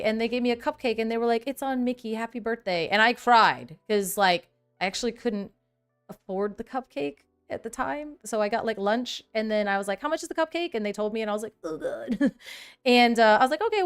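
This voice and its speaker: Hosting a laid-back livestream, a thirtysomething woman speaks in a smooth, fairly high voice. She's animated and chatty, frequently laughing as she reads the chat out loud.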